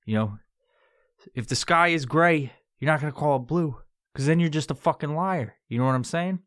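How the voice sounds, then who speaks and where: Profane rambling podcast host, dry sound. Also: male voice, a little high, moderate pace, a bit bright, no echo. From New York. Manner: profane, rambling, exaggerated put-on tough-guy tone. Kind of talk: solo podcast monologue. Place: podcast studio.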